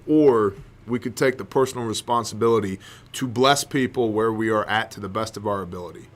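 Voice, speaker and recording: A man delivers fervent faith-based commentary on his podcast, hammering home points with rhetorical questions and repeated lines. His voice is bright and forward, pitched at an ordinary middle register. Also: brisk. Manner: preachy, rhetorical questions, emphatic repetition. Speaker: podcast host.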